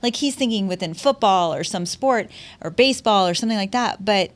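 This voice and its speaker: A woman's voice: mid-range voice, expressive, fairly quick. Emotional middle-aged woman podcast host. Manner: emotional storytelling, laughs often, many restarts. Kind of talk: casual heartfelt conversation.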